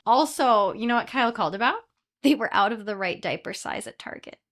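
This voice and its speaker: Bright-voiced woman podcast co-host. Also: fairly high pitch, animated, fast. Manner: easygoing, wry, joking. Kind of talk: casual chat.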